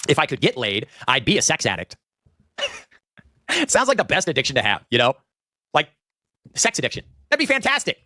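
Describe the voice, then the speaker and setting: A man's voice: mid-range voice, bright, forceful tone, no room sound, studio quality. A man in his thirties ranting in a vlog monologue, profane, exasperated and self-pitying. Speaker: online video maker.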